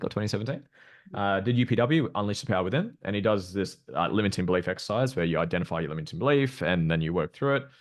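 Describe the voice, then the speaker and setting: A man's voice: low voice, dry recording, studio quality. A young Australian man talking candidly in a casual podcast conversation as a guest coach, loose and chatty with the odd swear.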